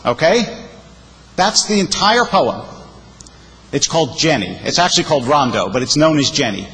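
A man's voice: a little high, sing-song, moderate pace, fairly bright tone. A male rabbi giving a sermon, explaining verses emphatically and reciting poetry with expression. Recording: long hall reverb.

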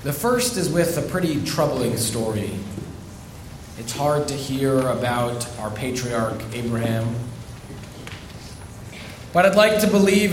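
A man, a rabbi, giving a storytelling sermon, delivered with dramatic pauses. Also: on the high side, reverberant, slight background noise.

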